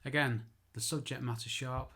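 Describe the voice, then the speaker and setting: A man's voice: medium pitch, fairly even intonation, normal speed, a bit bright. Chatty self-correcting man. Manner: chatty and self-deprecating, corrects himself aloud. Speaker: architectural photographer. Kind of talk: informal spoken tutorial.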